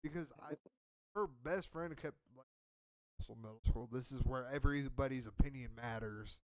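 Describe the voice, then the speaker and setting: A man's voice: mid-range voice, normal speed, dry recording. A man telling a story on a podcast in a rambling, profane, self-mocking way. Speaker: podcast co-host. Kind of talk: casual storytelling.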